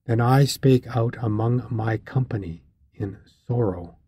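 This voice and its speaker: A man narrating a classic epic for an audiobook, in a slow, measured, solemn reading with archaic phrasing. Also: mid-range voice, mellow, breathy edge, no room sound, studio quality.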